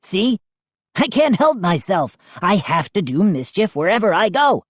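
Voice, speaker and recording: A woman's voice: mid-range voice, sing-song, measured pace, dry recording, pitched above the performer's own voice. A woman doing Chip, a cheeky mischief gnome. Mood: insistent. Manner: repeats himself, matter-of-fact.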